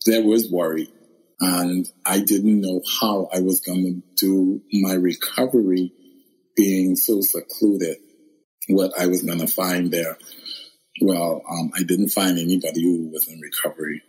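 Low husky man telling his story. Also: measured pace, poor audio. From the Bahamas. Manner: expressive, laughs often, acts out quoted voices. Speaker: guest. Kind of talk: casual interview, storytelling.

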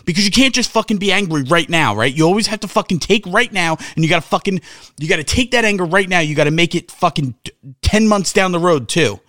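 A man's voice: sits high, animated, fast, a bit bright, dry recording, studio quality. A man co-hosting a sports podcast, ranting in a heated, profane casual chat. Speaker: podcast co-host.

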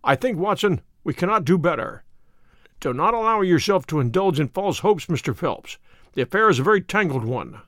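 Guy voicing a clever dreamy detective, measured and a bit wry, swings up and down a lot. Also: high voice, lively intonation, fairly bright tone, no echo, clean studio sound. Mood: musing. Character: brilliant, dreamy, self-assured male detective. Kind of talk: audiobook character reading.

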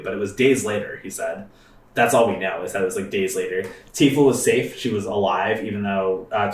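A man's voice: on the low side, roomy sound, recorded from a distance. A man hosting a let's play, chatting casually with rambling fillers and swearing. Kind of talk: casual gaming commentary.

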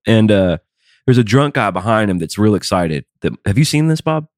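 Man, podcast co-host, casual chat, animated, profane, low voice, very lively pitch. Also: normal speed, no room sound, clean studio sound.

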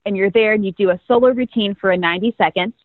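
A woman's voice: medium pitch, fast talker, no room sound. A young woman in her twenties tells her story in a bubbly, talkative way and laughs easily. Her voice comes through a narrow, tinny phone-like line. The sound is dry, with no room around it. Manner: bubbly, chatty, laughs often. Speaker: guest, first-year pro cheerleader. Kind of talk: casual interview storytelling.

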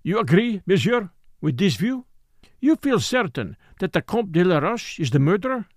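A man's voice: high voice, very animated, moderate pace, no echo, studio quality, voice pushed up. A man doing a fussy, complacent little detective. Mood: probing. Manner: soft, murmuring, mock-modest.

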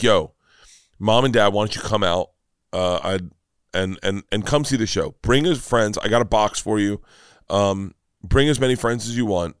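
A man in his fifties, a comedian guest, telling stories in casual podcast talk, animated and rambling with many restarts. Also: fairly low pitch, dry recording, clean studio sound. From Florida, United States.

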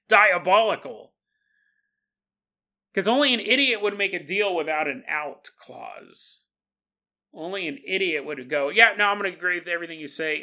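A man hosting a solo podcast, telling a story in an animated way and laughing as he acts out quotes. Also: high voice. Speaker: podcast host. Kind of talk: casual solo podcast monologue.

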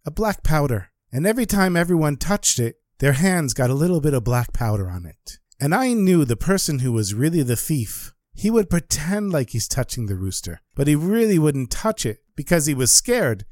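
A man voicing a humble but clever treasurer in a folktale, speaking politely and calmly with a quietly sly edge. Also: on the high side, moderate pace, few pauses, no echo, studio quality, pitched above the performer's own voice.

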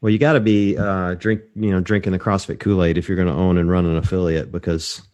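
Guy from mississippi hosting a chill podcast, kinda low voice, rambly, laughs at himself a lot. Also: level tone, quick pace, darkish tone, lo-fi sound. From Mississippi, USA. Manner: rambling, self-deprecating, chuckles while talking. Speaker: podcast host. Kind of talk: casual interview chat.

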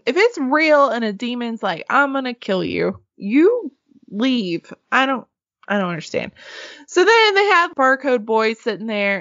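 A woman's voice: medium pitch, fairly bright tone, no room sound, dull audio. A woman retelling a show in a casual, sarcastic chat, laughing and swearing as she goes.

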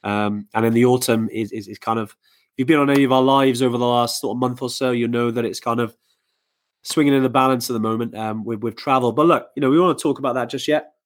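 A man's voice: medium pitch, fairly even intonation, fast talker. A man co-hosting a live podcast, chatting casually with lots of fillers and restarts. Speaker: podcast co-host. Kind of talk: casual live-stream chat.

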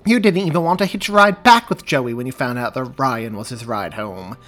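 A man's voice: mid-range voice, expressive, brisk, soft background music, lightly acted. A man voicing a sarcastic, blunt pregnant young woman in an audiobook reading. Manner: sharp, sarcastic.

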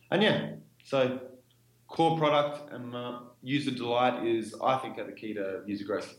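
Laid-back man in an echoey room. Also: fairly low pitch. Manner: laid-back, lots of fillers and "like". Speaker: startup co-founder. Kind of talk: casual interview storytelling.

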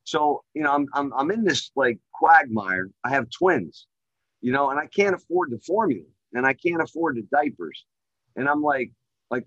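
A middle-aged man telling his story as a guest on a call, rambling and full of filler phrases, getting louder and more excited at the high points. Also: dry recording, highs cut off. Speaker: guest, real estate developer. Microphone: remote call microphone.

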